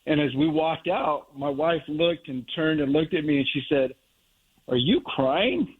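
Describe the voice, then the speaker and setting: A middle-aged man from the Monterey Bay area calling into a radio show, talking in a heartfelt, slow and reflective way. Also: on the high side, steady tone, slightly rough. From Monterey Bay area, California. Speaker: caller. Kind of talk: call-in reminiscing. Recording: tinny phone line.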